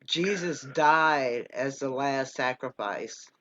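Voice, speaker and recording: A man's voice: mid-range voice, takes it slowly, fairly bright tone, a little hiss or hum. A man in a casual chat about faith, speaking emotionally and rambling with many fillers. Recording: dull lo-fi sound.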